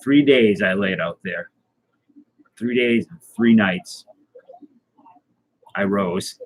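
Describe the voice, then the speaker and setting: Husky man rambling a deadpan tall tale. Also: on the low side, takes it slowly, poor audio. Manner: rambling, deadpan, many fillers and restarts. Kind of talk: casual tall-tale storytelling.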